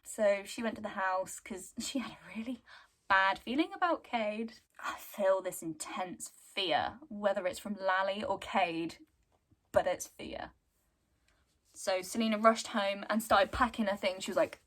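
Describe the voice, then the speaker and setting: A woman's voice: mid-range voice, unhurried, fairly bright tone. A young woman casually retelling a book's story, chatty and giggly. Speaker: book reviewer.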